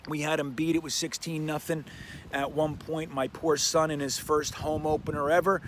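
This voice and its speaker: A man's voice: on the high side, little pitch movement, moderate pace, a little hiss or hum. Brash, hyped-up male sports fan. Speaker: fan podcast host. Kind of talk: casual sports fan commentary.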